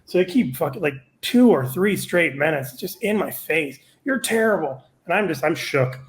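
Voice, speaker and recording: A man in his forties, a stand-up comedian, telling a profane and animated anecdote in a casual podcast chat. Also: a little high, normal speed.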